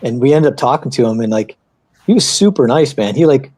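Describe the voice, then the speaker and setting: A man chatting casually on an art livestream, telling rambling anecdotes in an animated way. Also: medium pitch, a little fast, slightly rough. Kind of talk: casual chat.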